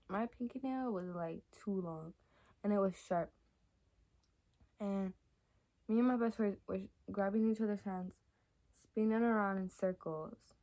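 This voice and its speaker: A young woman talks straight to her viewers in a loose storytime ramble. Her voice sits at an ordinary middle pitch, and she keeps reaching for "like" and "y'all." Now and then she drops into soft, half-whispered asides. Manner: chatty and rambling, many fillers like "like" and "y'all". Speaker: vlogger. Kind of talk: casual storytime chat to camera.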